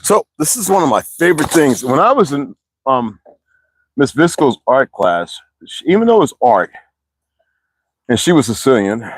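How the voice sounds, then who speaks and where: A man's voice: mid-range voice, no room sound. A man livestreaming casual, rambling chat, cursing often and laughing between stories.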